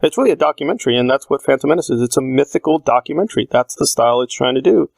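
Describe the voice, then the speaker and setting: Gravelly-voiced man musing on film. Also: mid-range voice, animated, very fast, darkish tone, no room sound. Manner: thinking aloud with fillers and restarts. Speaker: video essayist. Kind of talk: casual spoken film analysis.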